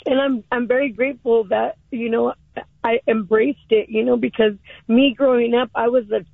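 Emotional woman calling in, flat voice, tinny phone line, keeps stopping and restarting. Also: fairly high pitch, creaky, no room sound. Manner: emotional, halting, many restarts. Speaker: caller. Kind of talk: call-in radio chat.

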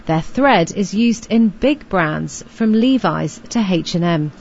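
A woman presenting a business radio programme, in clear, scripted delivery and on-location interviews. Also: medium pitch, animated, slow pace, a little mellow, dull audio. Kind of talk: radio presenting and field reporting.

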